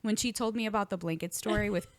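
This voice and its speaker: A woman co-hosting a podcast, telling stories in an animated casual chat and laughing often, recorded in a home basement studio. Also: mid-range voice, quick pace. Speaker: podcast co-host.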